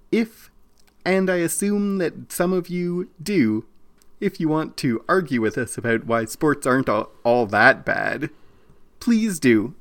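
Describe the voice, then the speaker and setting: A man co-hosting a casual podcast, arguing his views in quick bursts with frequent restarts. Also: mid-range voice. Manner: opinionated, talks in bursts with restarts. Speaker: podcast co-host.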